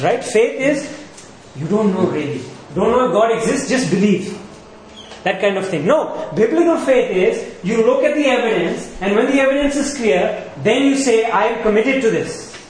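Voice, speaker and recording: Preacher guy, high voice, lots of rhetorical questions, big echoey church, bit of hiss. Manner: rhetorical questions, emphatic repetition. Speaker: pastor. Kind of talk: sermon. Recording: echoey church hall with faint noise.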